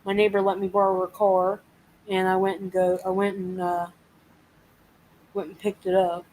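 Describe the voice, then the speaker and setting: A woman's voice: mid-range voice, completely flat delivery, moderate pace, a little mellow, slight background noise, poor audio. A woman hosting a casual live chat, venting and swearing as she animatedly retells a frustrating week. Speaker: live stream host.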